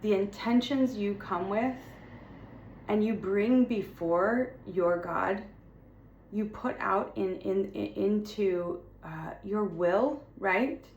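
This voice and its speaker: A woman with a mid-range, slightly mellow voice speaks slowly as a spiritual content creator, fervently encouraging her viewers with repetitive, emphatic declarations. The lo-fi recording carries a little hiss or hum, a roomy echo, and faint ambience.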